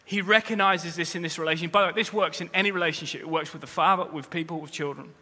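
A man preaching a sermon as pastor, speaking straight to the congregation with humorous asides, and rising to loud, emphatic peaks. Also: on the high side, steady tone, fast. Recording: long reverb of a large hall.

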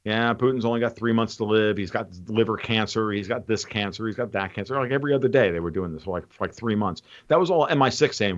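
A man in casual opinionated chat, rambling and animated, restarting often. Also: fairly low pitch, quick pace, hardly any pauses, muffled recording.

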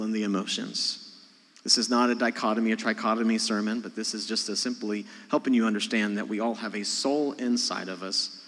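A man preaching a sermon, talking to his congregation in a conversational way, rising to loud emphasis and dropping to quiet asides. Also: medium pitch. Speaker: pastor. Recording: long hall reverb.

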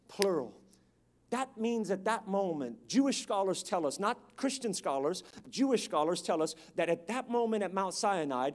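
Man, high pitch, preaching, rhythmic repetition, loud emphatic climaxes. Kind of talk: sermon.

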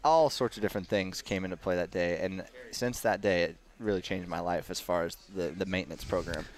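Fast-talking low-voiced man telling a story. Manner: animated, acts out voices of others, laughs through story. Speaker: racing driver guest. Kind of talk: storytelling in casual podcast chat.

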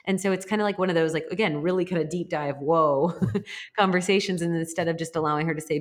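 Woman, low voice, casual chat, reflective and rambling, earnest. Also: steady tone, fast talker. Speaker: podcast co-host and mother.

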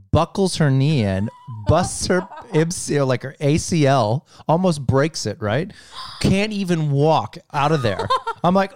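A middle-aged man, chatting casually and telling an animated story, swearing freely and laughing as he goes. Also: on the high side. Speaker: podcast co-host telling a story. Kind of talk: casual chat.

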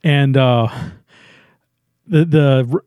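A man's voice: mid-range voice, extremely slow, darkish tone, clean tone, dry recording, studio quality. A man chatting casually as a podcast co-host, recapping a movie and acting out its lines in put-on voices.

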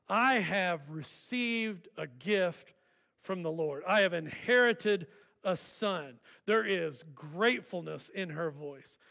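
A man preaching a sermon as pastor, deliberate and emphatic, drawing out key words. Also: high-pitched, gravelly, a bit bright, long reverb tail.

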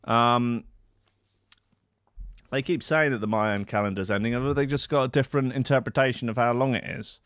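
A man hosting a radio show alone, rambling in a sardonic, sweary way, swinging from loud asides to mutters. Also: medium pitch, normal speed, dry recording, clean studio sound. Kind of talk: rambling solo radio banter.

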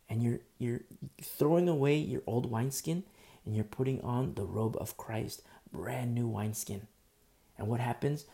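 A man preaching an earnest, animated sermon, speaking through a sore throat. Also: medium pitch, gravelly. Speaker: pastor.

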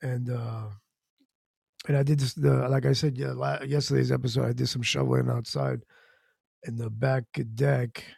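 Gravelly, mellow-voiced man chatting. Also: medium pitch, flat delivery, normal speed, no room sound, studio quality. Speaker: co-host. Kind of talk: casual podcast chat.

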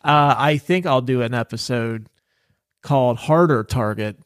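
A man hosting a podcast, ribbing his guest with cheerful profanity. His voice is smooth and clear, recorded close and dry with no room sound. He talks at a middling pitch. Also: unhurried, dry recording. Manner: teasing, profane banter. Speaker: podcast host. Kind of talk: casual chat.

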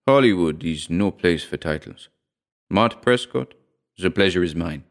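A suave, pale nobleman speaks in a polite, soft and smooth manner, charming but cold, as a male narrator plays him. His voice stays low and controlled in an audiobook horror reading. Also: lively intonation, a little slow.

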